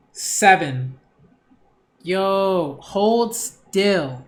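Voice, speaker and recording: Casting: a man doing a casual manga read-along, excitable and slangy, taking his time. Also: on the high side, slow. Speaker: manga critic reading aloud.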